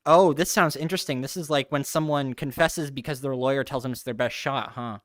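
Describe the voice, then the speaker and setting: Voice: medium pitch, a little fast, no echo, clean studio sound. A host reading stories and tossing in wry, amused asides. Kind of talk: casual reactions.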